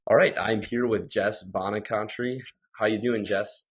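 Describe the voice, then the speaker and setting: A man's voice: lowish voice, fairly even intonation, unhurried, slightly rough, dry recording. A man with a Midwestern American accent from Wisconsin, hosting a podcast interview in an eager, upbeat way. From Wisconsin, USA. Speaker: podcast host.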